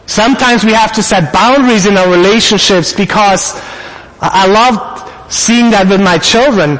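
A man preaching a sermon, telling a family story with animated quoted asides. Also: sits high, normal speed, long reverb tail, poor audio. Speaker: pastor.

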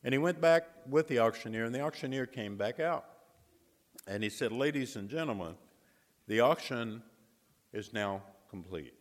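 A man preaching a sermon, telling a story with dramatic pauses and emphatic repetition. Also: medium pitch, animated. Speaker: guest preacher. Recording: long hall reverb.

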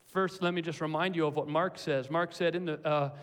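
A male preacher with a fairly high voice delivers an earnest, emphatic sermon. He hammers his points home by repeating the same phrases. His voice rings out with a long reverb, as if in a large hall. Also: steady tone, fairly quick.

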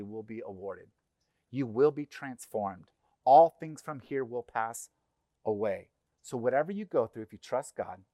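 Lively pastor preaching conversationally. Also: male voice, mid-range voice, dry recording, studio quality. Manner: conversational, animated, with asides and acted-out voices. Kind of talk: sermon. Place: church.

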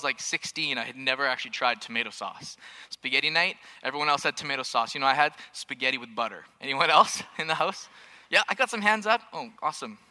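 A man's voice: fairly high pitch, pushed and bright. A man in his thirties preaching to a church congregation, with jokey storytelling and questions to the room. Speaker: pastor. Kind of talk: sermon. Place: church auditorium.

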